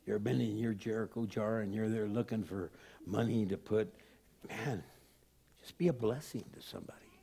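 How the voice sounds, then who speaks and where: A man's voice: on the low side, normal speed, gravelly, warm tone. An older man, a pastor giving a sermon in a conversational, storytelling way.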